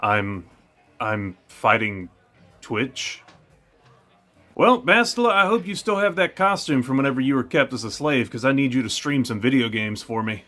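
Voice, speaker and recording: A man's voice: mid-range voice, lively intonation, moderate pace, sharp tone. A young man hosting a let's play, joking and trash-talking over the gameplay. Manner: jokey, trash-talking, puts on silly voices.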